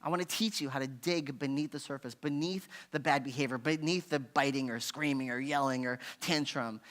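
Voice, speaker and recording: Conversational man teaching parents, slightly high voice. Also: a bit bright. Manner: conversational, constantly asking "right?"; acts out frustrated parents in a raised voice. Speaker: parenting workshop speaker. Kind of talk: parent education talk. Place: church hall.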